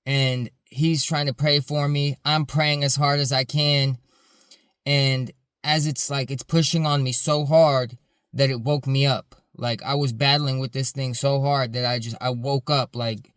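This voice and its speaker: A man's voice: mid-range voice, little pitch movement, a little slow, a bit bright, smooth, dry recording, studio quality. A man, a security supervisor, earnestly telling a story in a casual, rambling way, full of fillers.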